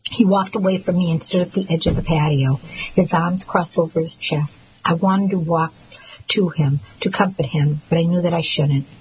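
Woman, audiobook narrator, low voice, soft and measured, first-person novel. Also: fairly even intonation, a little hiss or hum, rough recording.

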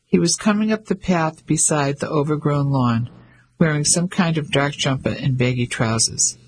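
A man narrating a novel in a measured storytelling manner. His voice is husky and sits somewhat high for a man. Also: rough recording. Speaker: audiobook narrator. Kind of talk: scripted narration.

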